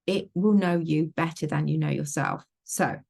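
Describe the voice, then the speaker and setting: A woman talks through her inner-work routine with blunt, emphatic energy, repeating her points and swearing freely. Her voice is low and gravelly, with frequent vocal fry. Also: steady tone, normal speed, darkish tone. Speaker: manifestation coach. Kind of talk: casual motivational vlog.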